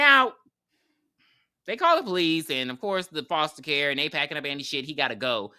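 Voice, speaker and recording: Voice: mid-range voice, moderate pace. A podcast co-host recapping a horror movie in casual, slangy chat, telling it with laughs and acted-out lines. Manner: animated storytelling, laughs often, slangy and profane.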